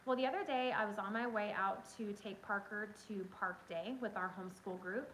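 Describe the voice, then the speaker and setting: A chatty, excitable woman talks to her viewers through a phone mic at home. Her pitch sits in an ordinary middle range, with a faint hiss of background noise under her voice. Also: brisk, rough recording. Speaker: livestream host. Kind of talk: casual storytelling chat.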